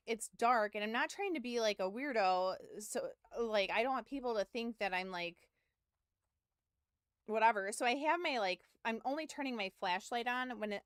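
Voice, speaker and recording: A woman in her thirties rambles through a long story to her stream chat, packing in "like" every few words, the odd curse, and some self-mockery. Her mid-range voice is smooth and clear, recorded dry and close to the mic with no echo or room sound.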